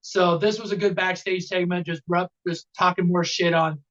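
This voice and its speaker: A man's voice: high voice, level tone, moderate pace, a bit bright. A man co-hosting a podcast, giving a laid-back, rambling review of a wrestling match. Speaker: podcast co-host. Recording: dull lo-fi audio.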